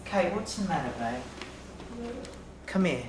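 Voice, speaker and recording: A man coaxing and soothing at home, repeating himself gently. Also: fairly high pitch, animated, a little slow. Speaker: husband and father. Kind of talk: casual home talk. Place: family home. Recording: echoey room with background noise.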